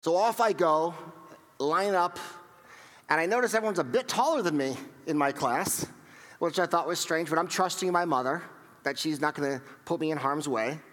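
A male pastor preaching in a sermon, his voice sitting a little high for a man. He tells stories with lively acted-out quotes and often stumbles into repeats and restarts. A long reverb trails after his words, as in a church hall. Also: moderate pace. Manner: animated storytelling with acted-out quotes; frequent repetitions and restarts.

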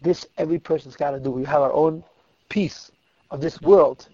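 A man voicing a calm, earnest male spiritual leader who exhorts his followers in a quiet, low voice, in a dull, dry recording. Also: moderate pace, dry recording, lightly acted.

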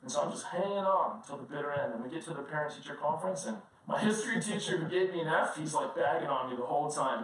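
A male pastor with a fairly high voice preaches in a large, strongly echoing church hall, heard from some way off the mic. He talks in a loose, animated, story-driven way, often chuckling through his own anecdotes. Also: fast, few pauses. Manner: conversational, animated, often laughing while telling stories. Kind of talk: sermon with personal storytelling. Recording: very echoey room, distant mic, faint noise.

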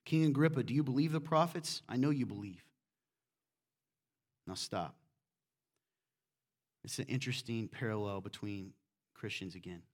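A man preaching a sermon in a church, animated and acting out quotes in different voices. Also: mid-range voice, moderate pace, long pauses. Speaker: pastor.

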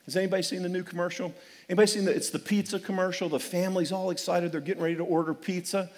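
A man's voice: sits high, fairly even intonation, racing, long reverb tail. A man preaching a sermon as pastor, emphatic and humorous, often repeating words and calling for amens. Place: church sanctuary.

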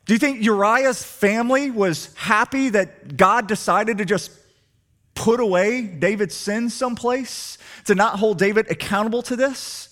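A man preaching a sermon, asking the congregation rhetorical questions and swinging between soft and emphatic delivery. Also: high-pitched, normal speed. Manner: animated, rhetorical questions, shifting loud and soft. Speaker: pastor.

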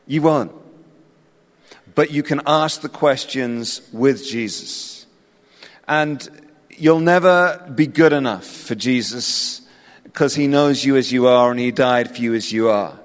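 An Englishman with a medium-pitched voice preaches an evangelistic sermon slowly, impassioned and personal, building to an invitation for listeners to respond before softening. He's in a large hall with a live audience, and the recording is reverberant with music.

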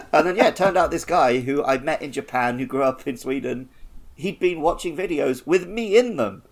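Brief: male podcast co-host, lively swooping delivery, gravelly edge, casual storyteller. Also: on the high side, normal speed. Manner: animated storyteller, lively quoted voices. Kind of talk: casual chat.

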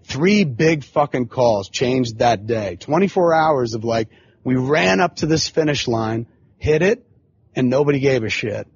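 A man's voice: mid-range voice, lively intonation, unhurried, husky, no room sound, muffled recording. A man in his forties hosting a podcast, telling a long casual story full of swearing and filler phrases. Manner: profane, rambling, frequent filler phrases. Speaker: podcast host.

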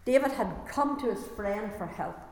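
A woman's voice: on the high side, animated, normal speed. Woman preaching in an echoing hall. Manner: reads scripture aloud and breaks off to explain it. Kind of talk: sermon with Bible reading.

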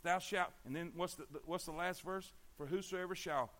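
Speaking at a moderate pace in a high-pitched, somewhat bright voice, a man preaches about sharing the gospel. He repeats words for emphasis and asks the congregation to call back answers.

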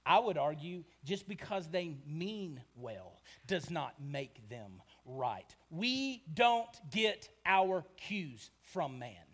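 A man preaching a sermon, animated, swinging from shouting to hushed tones and acting out the people in the story. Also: fairly high pitch, takes it slowly, hardly any pauses. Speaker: pastor.

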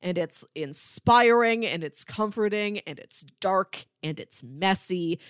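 A woman co-hosting a podcast in casual chat, thoughtful, slowing down to list her points. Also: medium pitch, animated, dry recording, studio quality. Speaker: podcast co-host.

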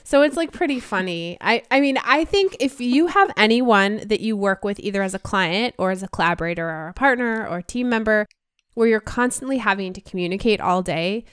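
Give me a woman podcast co-host, animated and laughing, recorded dry. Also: medium pitch, a little fast, smooth, no room sound. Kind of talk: casual podcast chat.

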